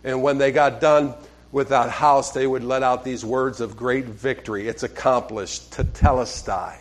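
Man, pastor voice, conversational sermon, hushes for scripture, mid-pitched. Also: little pitch movement, moderate pace. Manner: conversational preacher, drops to hushed tones on scripture, frequent "okay?".

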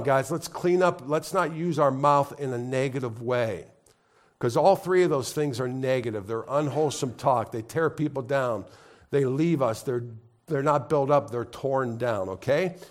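A man preaching a sermon to a congregation, repeating key phrases and asking the crowd to answer back. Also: medium pitch. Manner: repetitive call-and-response preaching. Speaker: pastor. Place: congregation in a room.

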